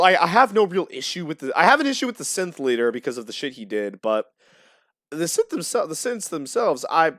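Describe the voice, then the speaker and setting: A man from Florida hosts a loose gaming chat in a blunt, opinionated way, cursing often. His voice sits in an ordinary middle pitch, and the recording is dry and close, with no room sound. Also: fairly bright tone, no echo. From USA, Florida. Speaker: podcast host.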